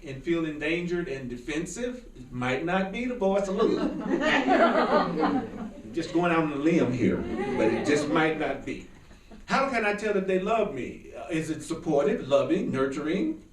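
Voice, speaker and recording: A man teaching a small spiritual class in an informal, animated way, often laughing and joking. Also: fairly high pitch, roomy sound, recorded from a distance, low-quality recording. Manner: animated, laughing, jokey asides.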